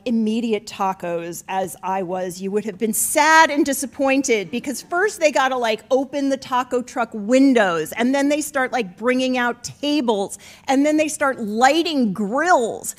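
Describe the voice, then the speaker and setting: A middle-aged woman telling a comic personal story to an audience, profane and animated, rising to near-shouts at the punchlines. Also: sits high. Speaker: author telling a story at a live event.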